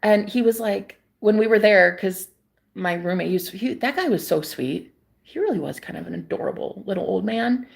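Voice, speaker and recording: A woman's voice: medium pitch, lively intonation, normal speed, gravelly. Rambling, laughing woman vlogger. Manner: rambling, laughs often, swears freely. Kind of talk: casual storytelling to camera. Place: at a table at home.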